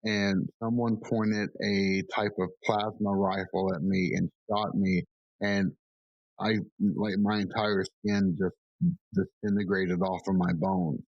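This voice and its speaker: A man hosting a podcast, chatting casually and telling stories in an animated way with plenty of fillers. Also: low voice, takes it slowly, no room sound, muffled recording. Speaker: podcast host.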